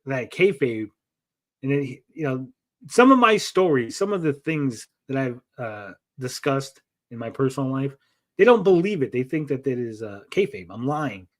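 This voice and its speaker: A man's voice: mid-range voice, lively intonation, normal speed. A man hosting a casual livestream, rambling and joking as he reads out chat messages. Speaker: livestream host.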